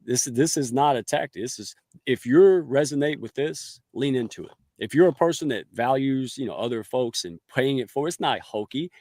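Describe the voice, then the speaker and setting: A folksy, enthusiastic man hosting a podcast interview, given to homespun turns of phrase. His voice sits at an average pitch, recorded dry and close with no room sound. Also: lively intonation, moderate pace, darkish tone, no room sound. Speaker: podcast host.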